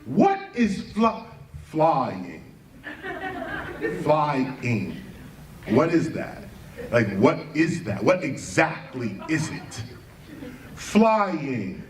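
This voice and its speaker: A man's voice: a little high, huge pitch swings, drawn-out words, pauses often, crowd noise. A man giving a spoken lecture, emphatic, firing off rhetorical questions and spelling words out letter by letter. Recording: roomy, distant mic, faint background ambience.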